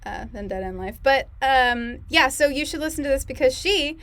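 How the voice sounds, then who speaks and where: A woman's voice: sits high, lively intonation, normal speed, fairly bright tone, dry recording. A woman hosting a comedy livestream in a casual, rambling way, with lots of fillers and giggles. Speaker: host and producer of a comedy show.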